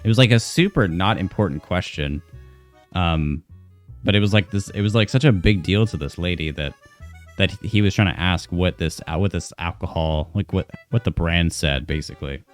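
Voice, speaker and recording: A young man streamer rambling through a funny story, animated and cursing freely, full of restarts. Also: deep voice, normal speed, soft background music. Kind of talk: casual storytelling.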